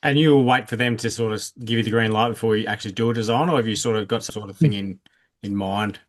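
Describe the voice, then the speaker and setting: A man's voice: on the low side, fast. Male podcast host asking hesitant questions. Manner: hesitant, searching questions with fillers. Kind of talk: casual interview chat.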